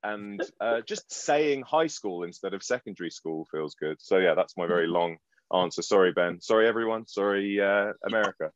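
A man's voice: on the low side, expressive, moderate pace, dry recording, highs cut off. Self-deprecating London man, rambling answer. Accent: London English. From London, England. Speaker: actor and guest. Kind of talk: panel interview answers.

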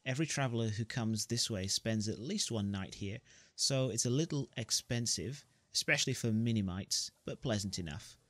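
A man's voice: fairly low pitch, normal speed, fairly bright tone, no room sound, natural voice. A man voicing a small, chirpy, friendly male imp who gets impatient. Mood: chatty. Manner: chirpy, eager.

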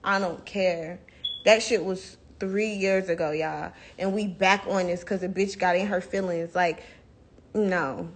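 A woman's voice: fairly low pitch, steady tone, a little slow, slight background noise. Blunt, profane young woman ranting on a phone. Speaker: livestream host. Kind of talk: heated casual livestream rant.

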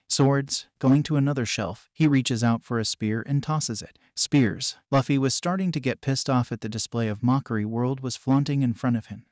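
A man narrating a fan-written story, reading it evenly and flatly. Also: medium pitch, no room sound, studio quality. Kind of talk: read-aloud fanfiction narration.

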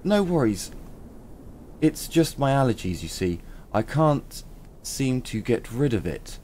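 A man's voice: medium pitch, big pitch swings, unhurried, dark tone, slight background noise. A man voicing a young woman who mops a tavern floor, sniffly and apologetic, suffering from allergies. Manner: sniffly, apologetic, sneezes mid-sentence.

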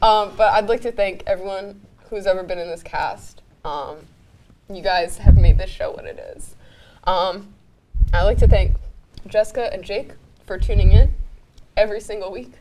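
A woman's voice: mid-range voice, normal speed. Young woman crying thru a goodbye speech, lots of ums and sorrys, bit of hiss behind. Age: young adult. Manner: rambling, apologetic, laughing through tears, many ums. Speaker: student TV show producer. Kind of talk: tearful farewell speech.

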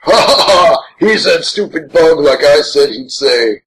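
A man's voice: on the high side, animated, a little slow, a bit bright, poor audio. A man voicing a gigantic, grouchy green monster as co-host of a crude, rambling in-character watch-along commentary. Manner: crude, brash and rambling, swears a lot.

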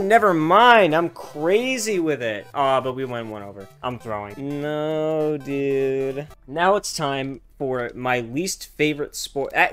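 Young guy streaming a game, swears a lot, yells then mutters, voice a bit high, soft game music under him. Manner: excitable and profane, loud outbursts then low muttering. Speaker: gaming streamer. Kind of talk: casual gameplay commentary.

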